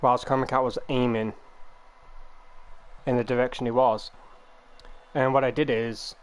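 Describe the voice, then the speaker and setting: A man's voice: mid-range voice, little pitch movement, measured pace, clear, resonant tone. A young man chatting casually on a live stream, rambling through long explanations of how he took his screenshots.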